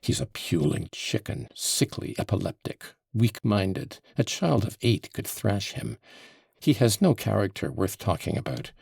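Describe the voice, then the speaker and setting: A man's voice: lowish voice, very animated, measured pace, creaky, a little mellow, breathy edge, no room sound, clean studio sound, heavily acted. A man voicing an agitated, passionate accused man in an audiobook, with heated, emphatic outbursts. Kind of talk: audiobook character voice.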